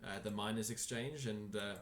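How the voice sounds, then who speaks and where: A man's voice: lowish voice, steady tone, moderate pace, reverberant. A man narrating a tabletop game as game master, in a casual, rambling way with many fillers.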